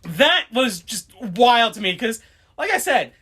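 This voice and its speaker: A woman's voice: a little high, measured pace, breathy edge. A woman co-hosting a casual podcast, telling a story with lots of laughs and quotes. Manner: animated, laughing storyteller, quotes people in put-on voices. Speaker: podcast co-host. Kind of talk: casual chat.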